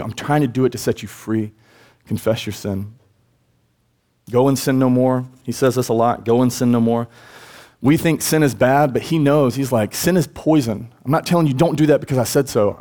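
A man's voice: mid-range voice, warm tone. A man preaching a church sermon. He speaks earnestly, pushes his voice up for emphasis, and acts out the words he quotes. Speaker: pastor. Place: church sanctuary.

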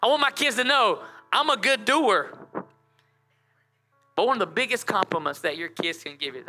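Guy pastor preaching in church, real bright voice, pretty high, lively back-and-forth with the crowd. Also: moderate pace, pauses often, faint music behind. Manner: lively, conversational preaching with call-and-response. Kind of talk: sermon.

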